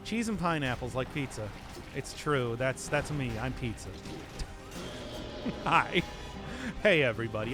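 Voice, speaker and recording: A Midwestern man with a matching accent streams a game, rambling and giggling through casual commentary and laughing often. His mid-range voice has lively intonation and a measured pace with frequent pauses. Music plays underneath.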